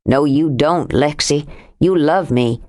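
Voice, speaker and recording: A woman narrator voicing a stubborn, jealous young man who speaks low and coaxing. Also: slow, dark tone. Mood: jealous, firm.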